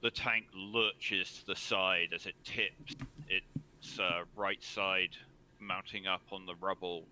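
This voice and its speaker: A man running a tabletop game as game master, narrating the scene in a measured way with frequent pauses. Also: low voice, level tone, pushed and bright, slight background noise, low-quality recording.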